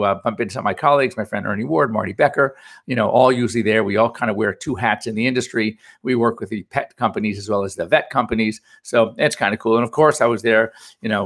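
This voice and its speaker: A man's voice: fairly low pitch, quick pace, fairly bright tone. A middle-aged man hosting a pet radio show as a veterinarian, talking in a chatty, anecdotal, upbeat way. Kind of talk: casual chat.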